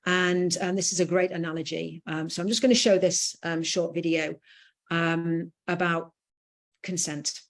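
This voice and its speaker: A British woman gives a lecture in a firm, emphatic manner, stressing key points and dropping in fillers. Her voice sits somewhat low. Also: steady tone, a little slow. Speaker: educator giving a talk.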